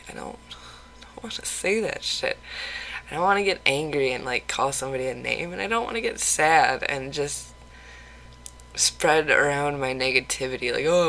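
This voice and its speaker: Candid rambling vlogger, mid pitch. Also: sharp tone, a little hiss or hum, poor audio. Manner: candid, rambling, halting restarts; swears casually. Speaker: mental health vlogger. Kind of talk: casual confessional vlog.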